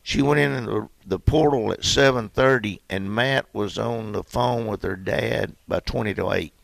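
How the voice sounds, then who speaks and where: A man's voice: lowish voice, normal speed, creaky, dry recording. A man, a basketball coach telling stories in a folksy way in a radio interview. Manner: folksy storytelling.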